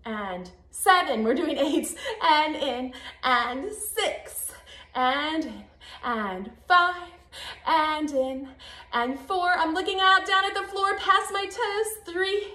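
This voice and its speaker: Upbeat high-voiced woman coaching a workout. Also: takes it slowly, bright, forceful tone. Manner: upbeat, encouraging, counting reps. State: out of breath. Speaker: fitness instructor. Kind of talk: guided workout instruction. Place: home garage. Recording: echoey garage.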